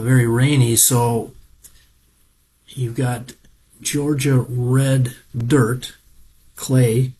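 This middle-aged Minnesota man has a husky, medium-pitched voice with a darkish tone. He's giving a relaxed, folksy rundown of farm equipment auctions that keeps straying into digressions.

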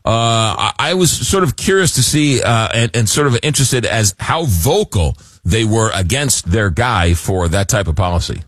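A man hosting a late-night radio talk show, animated and jokey, often repeating words as he gets going, on a studio microphone. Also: on the low side, moderate pace, few pauses, no echo.

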